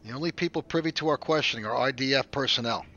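An actor playing a confident lieutenant who briefs his team and runs an interrogation in a brisk, commanding way. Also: medium pitch, pushed and bright, muffled recording. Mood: briefing. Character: confident male defense force lieutenant.

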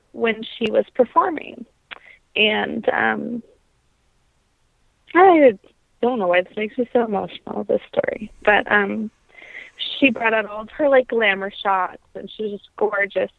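Young woman singer in an interview, thoughtful and earnest, a bit of vocal fry, tinny dry line. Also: medium pitch, dry recording. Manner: thoughtful, earnest, many ums and restarts. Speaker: interview guest, trained singer. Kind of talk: reflective conversational interview.

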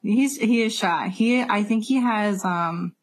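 A woman co-hosts a casual podcast chat, putting questions to her guest and agreeing readily. Her voice sits at a middle pitch. She talks in a loose, friendly way. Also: slow pace. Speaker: co-host.

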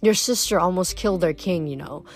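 A woman reading a book aloud, voicing a cold, scheming female snow goddess in an unhurried, purring way. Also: fairly low pitch. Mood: silky, scheming. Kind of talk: read-aloud book narration.

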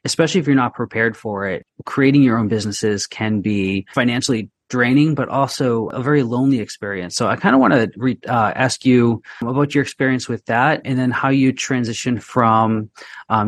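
A man co-hosting a podcast, introducing a guest and asking questions in a measured way. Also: mid-range voice, no room sound. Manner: measured, with many fillers. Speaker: podcast co-host. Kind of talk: interview conversation.

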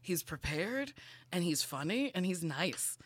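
A woman in her thirties, a comedian and actress, chatting in an interview and telling animated stories with frequent laughter. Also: on the low side, unhurried, slightly rough, dry recording. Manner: animated storyteller, laughs often, swears. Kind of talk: casual interview chat.

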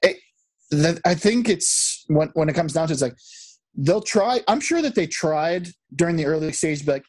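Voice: mid-range voice, expressive, normal speed, darkish tone. A podcast co-host in casual movie chat, easygoing and fond of putting on voices. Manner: easygoing, puts on character voices.

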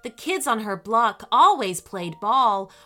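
Woman storyteller, lively swooping voice, slow unhurried pace, kids' podcast, soft music behind. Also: fairly high pitch. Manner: animated, warm storyteller. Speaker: children's story podcast host. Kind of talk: storytelling for children.

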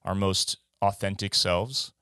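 A man's voice: low-pitched, steady tone, slow, sharp tone, clear, resonant tone, no echo, clean studio sound. A man guesting on a podcast, talking casually in a rambling, profane way with many restarts. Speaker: guest musician.

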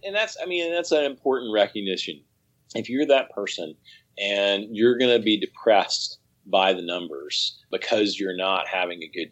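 A cycling coach tells stories in a casual interview, his voice jumping around as he rambles and restarts his sentences. The sound is a bit dull and lo-fi. He stays animated and chatty throughout. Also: fairly low pitch.

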